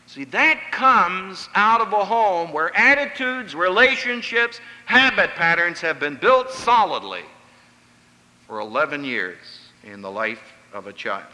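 A man's voice: high-pitched, bright, forceful tone, in a large hall, low-quality recording. A man from Pennsylvania giving an emphatic, story-filled talk on family life, acting out the voices he quotes. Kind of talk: sermon-style lecture with stories.

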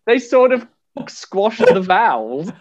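A man's voice: high-pitched, very animated, slow pace. A man co-hosting a podcast in casual chat, playful and teasing. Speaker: podcast co-host. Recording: dull lo-fi recording.

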